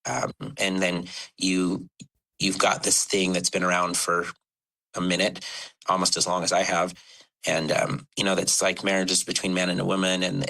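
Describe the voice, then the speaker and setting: A podcast guest in his young adult years tells a personal story. His voice is low and gravelly, with a bright, forward edge. He speaks haltingly and earnestly, often restarting his thoughts. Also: low-quality recording.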